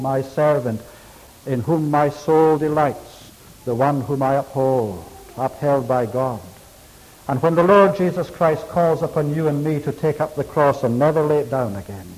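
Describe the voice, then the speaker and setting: A man preaching a sermon, emphatic, stressing key words with slow, drawn-out pauses. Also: medium pitch, a little mellow. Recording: long hall reverb.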